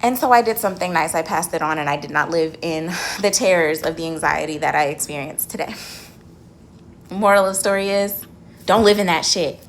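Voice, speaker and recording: A young woman vlogging from her car, telling a dramatic story in a casual, animated way and swearing freely. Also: fairly low pitch, a little fast, a little hiss or hum.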